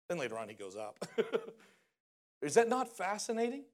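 A man delivering a casual, conversational sermon with a voice a bit higher than most men's. He talks in an animated way and keeps asking his listeners questions. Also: normal speed. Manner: animated, often asks the audience questions. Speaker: preacher.

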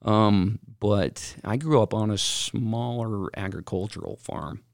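A man with a gravelly, somewhat low voice, chatting on a podcast in a rambling, excitable way. The sound is close and dry, with no room around him. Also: takes it slowly, dry recording. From Utah, Salt Lake Valley. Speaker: podcast co-host. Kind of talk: casual podcast chat.

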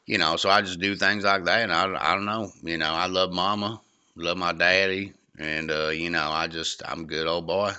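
A man's voice: deep voice, flat delivery, moderate pace, sharp tone, smooth. A man putting on a drawling hillbilly good old boy. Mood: boastful. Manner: rambling, drawling, crude. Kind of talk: improvised comedy podcast bit.

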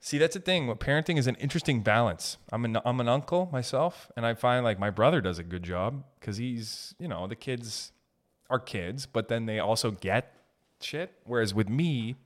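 A man at an average pitch hosting his own podcast alone. He tells stories in a loose, animated way, swearing freely. His laughs come in between the lines. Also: normal speed. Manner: animated and profane, laughs as he talks. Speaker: podcast host. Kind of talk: solo storytelling podcast.

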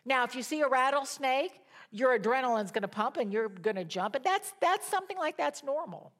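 A woman preaching a sermon, retelling a scripture story with animated emphasis and pauses. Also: high-pitched.

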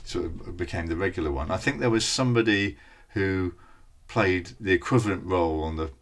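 A man with a low voice talks fairly quickly as co-host of a podcast. He chats casually about old television, sounding knowledgeable and matter-of-fact.

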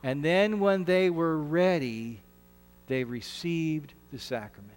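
A man's voice: on the high side, slow, big-room sound. A man preaching a sermon as pastor, earnest and conversational, often restarting his words. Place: church sanctuary.

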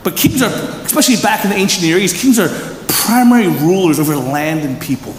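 A man preaching in a large church hall, his high voice swooping lively up and down as he chats and quizzes the crowd. Long reverb rings off the walls over a faint room hum. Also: fairly quick. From Philadelphia, USA. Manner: animated, chatty, asks the audience questions. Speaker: pastor. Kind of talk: conversational sermon.

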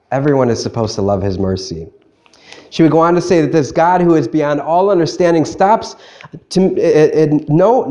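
A man's voice: mid-range voice, warm tone. A man, a priest, giving a Christmas Eve homily, talking conversationally with questions put to the congregation and a few restarts.

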